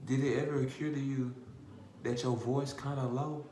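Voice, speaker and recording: A man's voice: mid-range voice, level tone, moderate pace, mellow, roomy sound, slight background noise. A man vlogger in a profane comedic rant who fires off repeated rhetorical questions and curses constantly. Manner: repetitive, rhetorical questions, heavy cursing.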